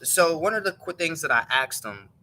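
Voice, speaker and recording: Male host, very bright tense timbre, loose rambling storyteller who keeps correcting himself. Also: fairly high pitch, animated, moderate pace, a little hiss or hum, low-quality recording. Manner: rambling, self-correcting, chuckling retelling. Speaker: show host. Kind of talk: casual storytelling.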